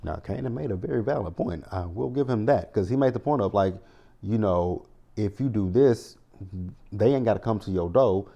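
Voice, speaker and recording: Guy recapping a tv show, low mellow voice, rambly and chatty. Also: moderate pace, creaky, lo-fi sound. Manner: chatty, rambling, full of "like" and asides. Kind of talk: casual recap commentary.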